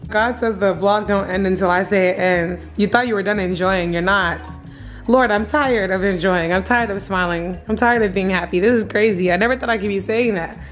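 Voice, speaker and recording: A woman's voice: mid-range voice, normal speed, soft background music. A young woman chatting casually to camera in a vlog, gushing and laughing often. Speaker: vlogger.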